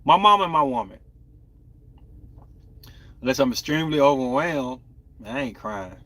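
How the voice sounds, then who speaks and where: Bright-voiced man chatting candidly. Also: medium pitch, expressive, normal speed. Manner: candid, rambling, talks to viewers. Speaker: podcast host. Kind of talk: casual live-stream chat.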